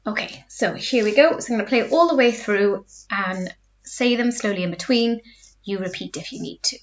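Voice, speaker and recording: A woman French teacher giving a recorded lesson, explaining step by step and repeating phrases slowly. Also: mid-range voice, slight background noise. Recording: dull lo-fi recording.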